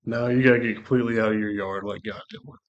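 Low-voiced man telling a lively testimony. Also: quick pace, dull audio. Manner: lively storyteller acting out quoted dialogue. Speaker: co-host sharing a testimony. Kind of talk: casual faith podcast storytelling.

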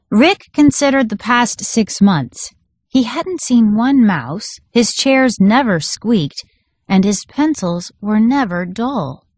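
A woman teacher reading a story aloud to a class in a clear, measured way. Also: a little high, animated, a little mellow, dry recording, clean studio sound.

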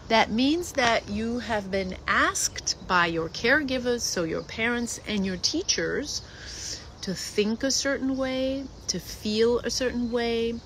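A woman's voice: mid-range voice, fairly bright tone, slight background noise, rough recording. Emphatic woman coaching actors. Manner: emphatic, lists words in rhythmic runs. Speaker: acting coach. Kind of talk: teaching monologue to actors.

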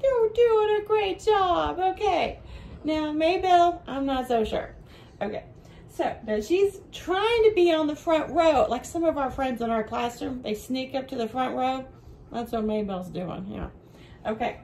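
A woman teaching a home video lesson for young children, with a bright sing-song teacher voice that goes slow and clear for the kids. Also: high-pitched, expressive, slight background noise, low-quality recording.

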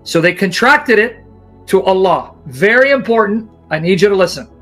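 High-voiced man lecturing with sarcasm. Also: lively intonation, moderate pace, a bit bright, soft background music. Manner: sarcastic, then emphatic and teacherly. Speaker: Christian apologist. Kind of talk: mocking lecture on a video.

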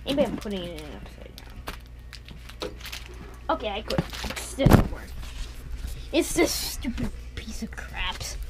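Young woman vlogger, slow and playful, lively pitch, music bed under the voice. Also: heavy background noise. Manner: playful, jokey, swings between loud and whispering. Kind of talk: casual vlog. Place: at home, partly outdoors. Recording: music playing clearly behind.

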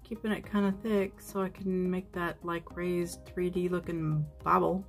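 A woman's voice: on the low side, flat delivery, measured pace, creaky, soft background music. Chatty woman narrating a nail tutorial. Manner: chatty and self-deprecating, many fillers. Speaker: nail art vlogger.

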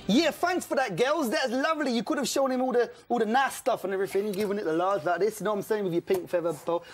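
A man's voice: high voice, quick pace, soft background music. A man presenting children's TV, talking in a cheeky, jokey, chatty way. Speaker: kids' TV presenter. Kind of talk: playful presenting and chat.

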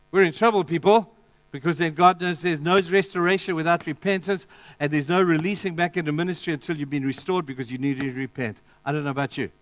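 High-voiced, emphatic preaching man. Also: no echo. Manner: emphatic preaching with sudden drops to quiet intensity; addresses the congregation directly. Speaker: pastor. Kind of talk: sermon.

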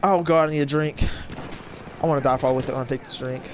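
A man rambling through casual gameplay commentary, tripping over his words and restarting his sentences. His voice sits at an ordinary middle pitch. Loud gunfire and battle sounds from the game run behind him. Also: fairly even intonation, a little hiss or hum. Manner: fast, jumbled speech with frequent stutters and restarts. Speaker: gaming channel host. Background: shooter game audio with gunfire and vehicles.

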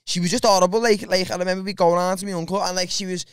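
Young Liverpool comic, high and smooth, rambling crude anecdotes, dry close mic. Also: male voice, level tone, rapid-fire, no echo. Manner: crude, rambling, many restarts and fillers. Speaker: podcast co-host. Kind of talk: casual storytelling chat.

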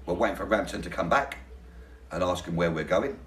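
A man organizing a demonstration answers interview questions earnestly and resolutely, often pausing with fillers. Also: sits low. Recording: echoey room, distant mic.

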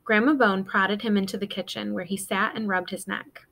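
A woman's voice: normal speed, creaky. Woman reading a storybook aloud. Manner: expressive, voices characters with pitch lifts.

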